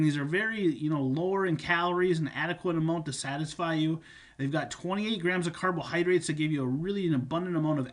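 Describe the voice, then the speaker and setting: This fitness coach speaks with a slightly high, fairly bright voice. He explains supplements and nutrition casually, going over his points more than once with plenty of fillers.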